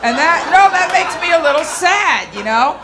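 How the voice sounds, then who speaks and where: On a comedy club stage, a middle-aged woman performs a stand-up set, brassy and punchy, addressing the audience directly. Her voice is very high-pitched with big swings in pitch, and she keeps a moderate pace. The live club recording carries a noisy, laughing crowd.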